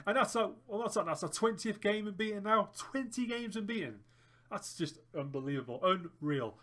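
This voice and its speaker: A man's voice: high voice, pushed and bright. A young man commentating his own football management game, groaning and cheering as the match plays out. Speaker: gaming YouTuber. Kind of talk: let's play commentary.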